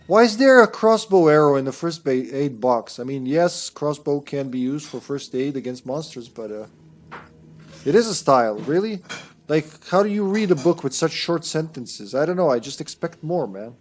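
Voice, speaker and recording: A man's voice: fairly high pitch, lively intonation, normal speed. A young man giving casual, rambling gameplay commentary as a streamer, with critical asides and mild swearing.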